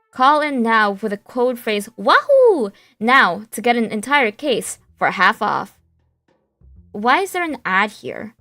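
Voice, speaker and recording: A playful woman streamer with a fairly high voice, reading a game's text aloud and rambling between lines. Her voice is dry and close to the mic. Faint music plays underneath. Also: pushed and bright, dry recording. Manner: playful, rambling with fillers and restarts.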